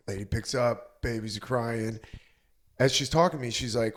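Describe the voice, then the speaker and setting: A man's voice: mid-range voice, normal speed. A man co-hosting a comedy podcast, telling a story in casual chat and acting out the back-and-forth of both sides. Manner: animated storyteller who acts out quoted exchanges. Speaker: podcast co-host.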